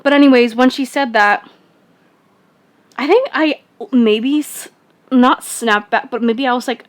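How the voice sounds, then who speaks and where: A woman's voice: high-pitched, measured pace, pauses often. A young woman vlogger rambling casually through a personal story, full of fillers and restarts.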